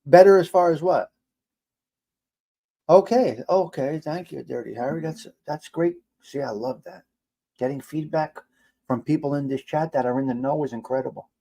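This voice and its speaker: Middle-aged male livestream host, exasperated ranter, loud bursts and quiet mutters. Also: a little high, normal speed. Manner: animated, exasperated ranting with swearing. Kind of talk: casual livestream talk reacting to chat.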